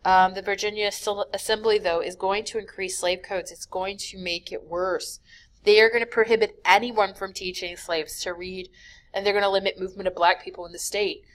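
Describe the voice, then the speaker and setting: A woman teacher giving a recorded history lecture over slides, talking casually with many fillers and quick self-corrections. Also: medium pitch, steady tone. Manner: casual, many "um"s, corrects her own slips. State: yawning, sleepy.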